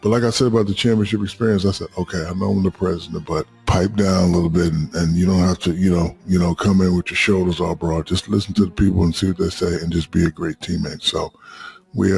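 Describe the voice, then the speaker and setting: Deep gravelly man telling stories. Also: fairly quick, soft background music. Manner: profane, animated storyteller who acts out quotes. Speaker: podcast guest. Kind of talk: casual storytelling chat.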